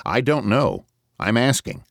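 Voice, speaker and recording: A man's voice: medium pitch, huge pitch swings, a little slow, creaky, no room sound, studio quality, pitched above the performer's own voice, heavily acted. A man voicing an earnest, questioning traveler. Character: thoughtful male traveler who reads Plutarch.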